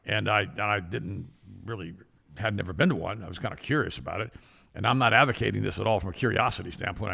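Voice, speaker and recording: An older man hosting a studio talk show, telling a rambling, animated story full of restarts. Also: on the low side, gravelly, breathy edge. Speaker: show host.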